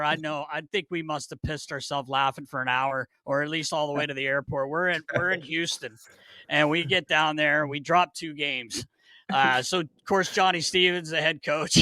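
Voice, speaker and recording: Give me a man hosting a podcast who spins a road story with loud, animated energy, cursing and laughing. His voice is very bright and a little high, recorded close and dry with no room sound. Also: no room sound. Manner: animated, swears freely, laughs while telling stories. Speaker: podcast host. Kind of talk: casual storytelling chat.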